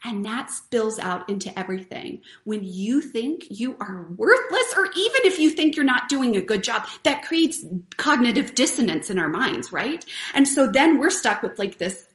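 A woman's voice: fairly high pitch, sing-song, moderate pace. A woman hosting a live stream, giving a casual, earnest motivational talk and chatting with viewers. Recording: roomy echo.

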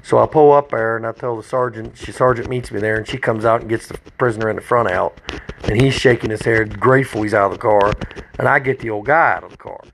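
A man's voice: lowish voice, quick pace, creaky, slight background noise. A man, a state trooper telling a story in a blunt, profane, folksy way. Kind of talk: casual storytelling.

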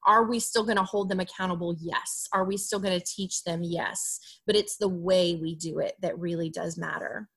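Bright-voiced woman giving parenting advice. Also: lowish voice, moderate pace, few pauses, breathy edge. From Alabama, USA. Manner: expressive, acts out parent dialogue in a soft voice. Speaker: guest therapist. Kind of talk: podcast interview, advice.

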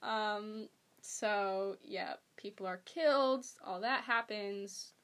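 A woman's voice: medium pitch, takes it slowly, a bit bright. A young woman chatting casually as a podcast guest, rambling with many ums and likes. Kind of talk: casual chat.

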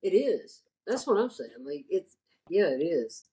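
Husky-voiced woman co-host, mid pitch, hesitant, filler-heavy, reassuring. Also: very animated, unhurried, mellow, low-quality recording. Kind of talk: casual chat.

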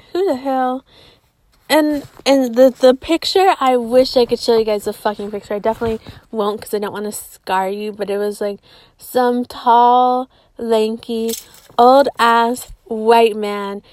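A woman's voice: fairly high pitch, fairly even intonation, unhurried, darkish tone. A young adult woman hosting a podcast, telling a story in casual, profane chat, dropping to whispers for asides. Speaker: podcast host.

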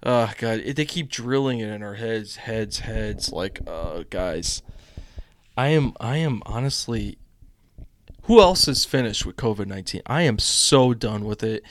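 A man's voice: fairly low pitch, expressive, measured pace, no room sound. A young man from the United States hosting a casual political live stream, reading news aloud with rambling chatty asides.

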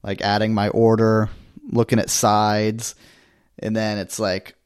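A man's voice: lowish voice, completely flat delivery, measured pace, clean tone, no room sound, clean studio sound. A young man in casual conversation, talking with many ums and restarts. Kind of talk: casual chat.

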